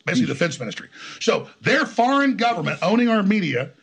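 A middle-aged man telling stories in an interview, talking fast and combatively with frequent restarts and repeated words. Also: high-pitched, very animated, fairly bright tone, husky. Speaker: interview guest. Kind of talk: heated conversational storytelling.

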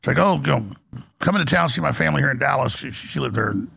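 A man hosting a radio talk show, delivering an impassioned, preachy monologue in a gravelly, husky voice that swings between high and low. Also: expressive, rapid-fire, bright, forceful tone.

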